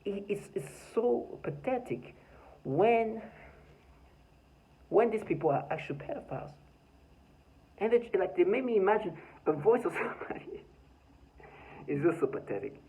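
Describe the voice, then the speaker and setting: Agitated rambling man, mellow voice. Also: high voice, big pitch swings, unhurried, pauses often, rough recording. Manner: rambling, stammering restarts, bitter laughs. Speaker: vlogger. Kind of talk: agitated personal monologue. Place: by his front door.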